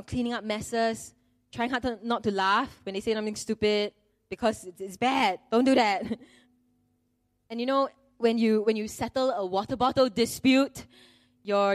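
A middle-aged woman delivers a sermon in a fairly high voice. She talks in an earnest, conversational way and makes fun of herself. The sound is close and dry, with no room echo. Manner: earnest, conversational, with self-deprecating humor. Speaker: preacher.

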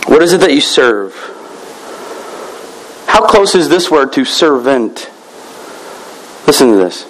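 A man's voice: mid-range voice, very animated, slow pace, slight background noise, poor audio. A man preaching a conversational sermon as a pastor, joking with the congregation and acting out little quoted exchanges.

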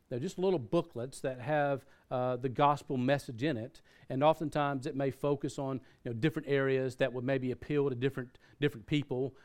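A man preaching a sermon in a conversational way, often restarting his sentences and using fillers. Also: mid-range voice. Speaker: pastor.

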